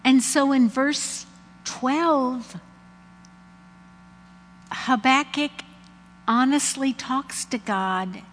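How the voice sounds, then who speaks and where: High-voiced woman preaching in a hall. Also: very slow, pauses often, fairly bright tone, a little hiss or hum. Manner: dramatic, acts out prayers and dialogue with God. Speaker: speaker at a women's gathering. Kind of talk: sermon. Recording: long hall reverb.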